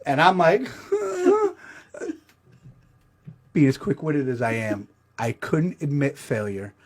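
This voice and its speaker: A man's voice: a little high, sing-song, takes it slowly, a little mellow. A middle-aged man telling a crude, self-mocking comedic story as the show's host.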